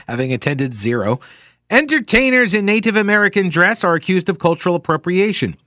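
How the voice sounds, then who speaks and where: A man hosts a radio talk show and reads out listener emails, dropping deadpan, sarcastic remarks between them. His voice sits a little high for a man. The studio sound is close and dry. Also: normal speed, no echo.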